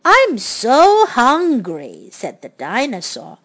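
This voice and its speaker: A hungry male dinosaur from a children's storybook, as a woman puts him on, drawing out each word very slowly. The voice sits high and swoops up and down with lively storybook emphasis. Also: heavily acted. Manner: slow, drawn-out, emphatic words.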